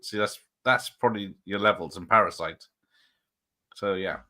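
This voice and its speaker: A man's voice: on the low side, moderate pace, sharp tone. A man hosting a film watch party, chatting casually, rattling off film titles and laughing often. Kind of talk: casual chat.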